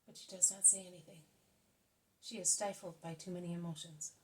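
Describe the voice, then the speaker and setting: A woman narrating a religious story in a steady, measured reading. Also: on the low side, slight background noise, rough recording. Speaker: audiobook reader. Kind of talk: scripted narration.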